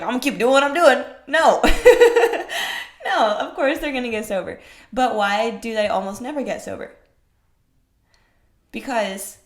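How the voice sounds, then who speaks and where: A young woman, a personal trainer, holds forth on her podcast in a blunt, profane monologue. She peppers listeners with rhetorical questions and punches her points louder. Her voice sits in a middle range and rings in a roomy, echoing space. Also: medium pitch. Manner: rhetorical questions, animated swings in loudness. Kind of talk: casual monologue. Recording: roomy echo.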